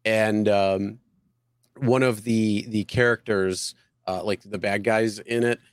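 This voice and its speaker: A man's voice: fairly low pitch, fairly even intonation, slow pace, smooth, no room sound. A man co-hosting a casual live show, talking loosely with lots of fillers and restarts. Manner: rambling, many fillers and restarts. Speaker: co-host.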